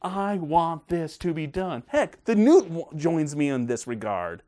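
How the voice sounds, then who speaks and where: A man hosting a casual film review video, talking in a gushing, excited way. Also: a little high, measured pace.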